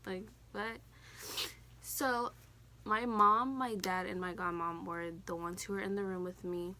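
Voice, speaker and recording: A woman's voice: on the low side, fairly even intonation, moderate pace, pushed and bright. A teenage woman telling a personal story in a casual, candid vlog, swearing now and then. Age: teens. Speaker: vlogger.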